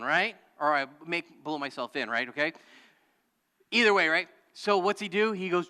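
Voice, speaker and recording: A man's voice: high-pitched, big pitch swings, moderate pace, pushed and bright, clear, resonant tone, big-room sound. A man preaching a sermon as pastor, telling a story and calling out to the congregation for answers. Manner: storytelling with audience call-and-response. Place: church sanctuary.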